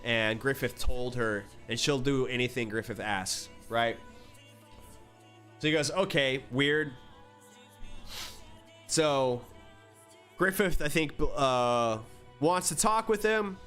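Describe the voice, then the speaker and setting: A man recapping a manga story in a casual, rambling, animated way with many filler words. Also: mid-range voice, slow pace, long pauses, soft background music. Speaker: manga reviewer.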